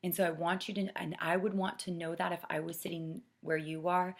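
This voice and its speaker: A middle-aged woman coaching saleswomen, earnest and persuasive, dropping to a soft hush to stress a point. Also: lowish voice, little pitch movement, fairly quick, hardly any pauses. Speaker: sales director training consultants. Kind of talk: coaching talk with acted sales pitch.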